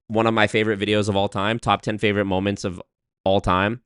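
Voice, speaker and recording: A man's voice: lowish voice, level tone, brisk, a bit bright, clear, resonant tone, no echo, clean studio sound. A man hosting a reaction video, mocking a clip with swearing and bursts of laughter. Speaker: commentary host. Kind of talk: reaction commentary.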